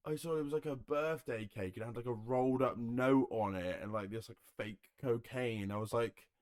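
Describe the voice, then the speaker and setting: The host is a young man from Herefordshire, England, whose medium-pitched voice is a little mellow and moves at a normal speed. On his solo podcast, recorded on a home setup, he's relaxed and jokey, with plenty of swearing and laughter. The recording is clean studio sound without room noise.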